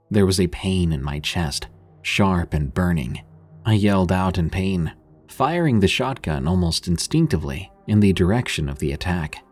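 A man narrating a scripted horror story in a husky voice, lifting his voice for the characters' lines. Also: low voice, darkish tone.

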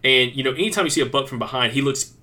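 A man tells a hunting story on a casual podcast, his voice bright and forceful. He gets animated as he retells it and leans on fillers like "like" and "kinda.". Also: mid-range voice, very fast. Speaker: podcast co-host.

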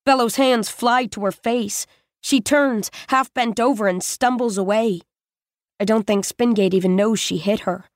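Audiobook narrator, woman, steady unhurried read, brightish register. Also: fairly high pitch, no room sound, studio quality. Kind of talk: first-person scripted story narration.

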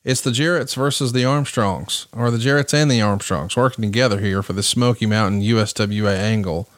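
A man's voice: on the low side, brisk, no echo, studio quality. Man host asking detailed questions. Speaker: podcast host. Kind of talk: interview questions.

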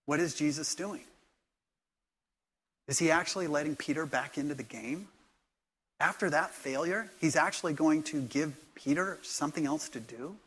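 Middle-aged man preaching, hushed to loud. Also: fairly high pitch, moderate pace, breathy edge. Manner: storytelling with swings from hushed to loud. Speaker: pastor. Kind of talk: sermon.

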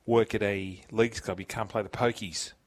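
A man's voice: fairly low pitch, steady tone, moderate pace. A man with an Australian accent co-hosting a sports radio show, teasing callers and bantering in a laid-back way. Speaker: radio co-host.

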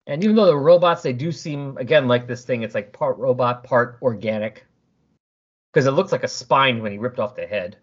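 A man hosting a podcast, casually recapping a comic in an animated storytelling way. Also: mid-range voice, normal speed. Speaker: podcast host. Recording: dull lo-fi recording.

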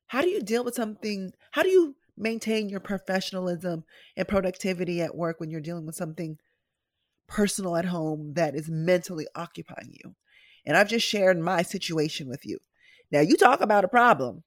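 A woman's voice: mid-range voice, no echo, studio quality. A middle-aged woman hosting a podcast, talking candidly and directly to her listeners in a chatty personal style. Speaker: podcast host and nurse.

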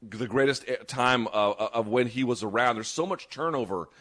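A man co-hosting a sports talk show, giving fast, animated, opinionated takes. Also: mid-range voice. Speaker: podcast co-host. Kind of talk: casual sports chat.

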